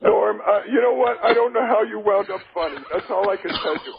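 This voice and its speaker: A man joking around as a guest calling in to a radio show, gruff and mock-grumpy. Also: sits high, background noise. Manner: gruff, mock-grumpy, fast joke delivery. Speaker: call-in comedian guest. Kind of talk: deadpan comedic banter on the phone. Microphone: phone line. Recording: tinny phone line.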